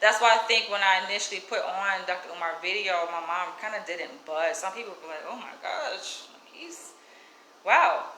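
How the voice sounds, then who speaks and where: Brief: woman vlogger, casual and outspoken storytelling, bright voice with a roomy echo. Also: fast, few pauses, slight background noise. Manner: outspoken, animated, drops into higher mimicking voices when quoting others; casual speech with light cursing. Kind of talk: casual storytelling to camera, reading live chat.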